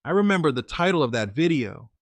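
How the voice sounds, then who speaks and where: A man's voice: fairly high pitch, sing-song, quick pace, no room sound. A man hosting a story channel, narrating in the first person and then giving casual, plain-spoken advice. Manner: conversational, plain-spoken, with fillers and restarts.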